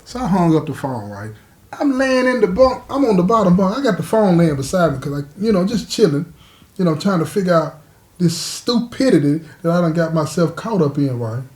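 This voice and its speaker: High-voiced man telling a story. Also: a little fast. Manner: animated, talks straight to listeners with frequent asides. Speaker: podcast host telling a personal story. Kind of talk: casual storytelling.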